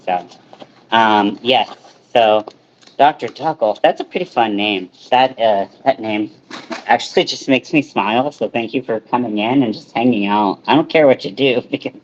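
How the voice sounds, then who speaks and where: A man with a mid-range voice hosts a casual livestream from a small home kitchen at a moderate pace, rambling and interrupting himself with lots of fillers and restarts. The audio is dull with a little hiss or hum.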